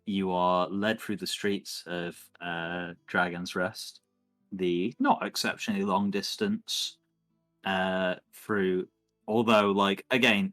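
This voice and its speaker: A low-pitched man narrating a tabletop game as dungeon master. He talks loosely with many fillers and little chuckles. Soft music plays faintly underneath. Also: no echo, clean studio sound.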